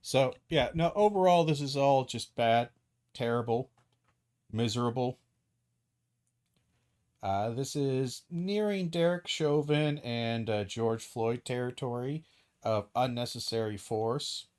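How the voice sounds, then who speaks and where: A man's voice: medium pitch, takes it slowly, darkish tone. A man hosting a live stream, ranting angrily and profanely about a news video, with frequent restarts and acted-out quotes. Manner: acts out hypothetical dialogue in quoted voices. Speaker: streamer host.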